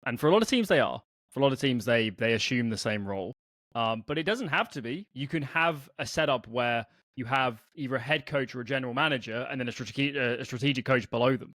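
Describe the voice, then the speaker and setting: A man, a guest analyst, explaining points in a measured way with frequent ums in a podcast discussion. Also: medium pitch, a bit bright, dry recording, clean studio sound.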